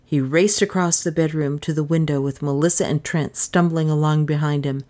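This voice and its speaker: Female audiobook narrator, low voice, measured dramatic delivery. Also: steady tone, dark tone. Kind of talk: scripted narration of a crime novel.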